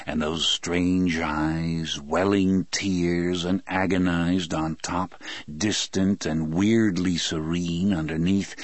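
Deep-voiced, slow male audiobook narrator. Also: no room sound. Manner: measured, grave, unhurried storytelling. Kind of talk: scripted first-person audiobook narration.

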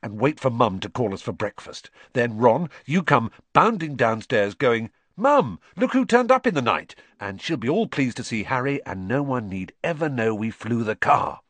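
A man's voice: mid-range voice, big pitch swings, normal speed, hardly any pauses, fairly bright tone, no room sound. A man voicing a mischievous teenage wizard laying out a plan in an audiobook. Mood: scheming. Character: mischievous teenage boy wizard, scheming twin.

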